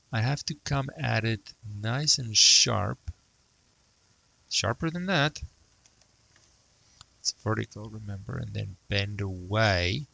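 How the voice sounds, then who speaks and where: A man's voice: on the low side, vocal fry, sharp tone, breathy edge, no room sound, poor audio. A man teaching math, thinking aloud and muttering to himself as he sketches a graph. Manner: self-talk, mutters, jokes about praising himself.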